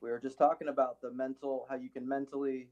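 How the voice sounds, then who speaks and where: Man, casual talk, easygoing, middle pitch. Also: little pitch movement, quick pace, highs cut off, a crowd in the background. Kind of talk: casual chat.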